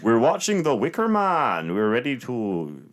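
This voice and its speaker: A man's voice: mid-range voice, huge pitch swings, measured pace. A young man hosting a casual podcast, rambling and joking with friends, laughing often and swearing. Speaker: podcast host.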